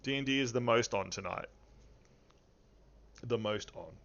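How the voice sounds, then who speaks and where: A man's voice: medium pitch, a little slow, a bit bright. Aussie guy running a d&d stream, jokey and rambly, kinda dull lo-fi audio. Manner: playful, rambling, welcoming. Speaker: game master and stream host. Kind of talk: livestreamed tabletop game chat.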